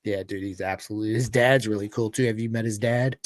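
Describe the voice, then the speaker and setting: A man with a Southern American country accent hosting a podcast, telling stories in an animated, casual way. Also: on the low side, fast, no room sound, studio quality. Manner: animated storyteller, says dude and bro a lot. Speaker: podcast host. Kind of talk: casual chat.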